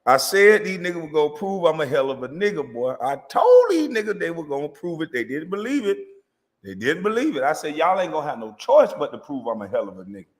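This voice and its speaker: A man's voice: a little high, big pitch swings, quick pace, few pauses. A man ranting boastfully and brashly in a casual vlog, speaking straight to viewers. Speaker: vlogger. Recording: long reverb.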